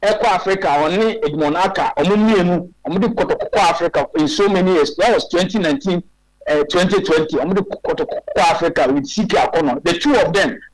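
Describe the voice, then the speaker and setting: A Ghanaian man in his forties speaks fast in a high voice over poor audio. He's a guest on a radio talk show, pressing his point emphatically and firing off rhetorical questions.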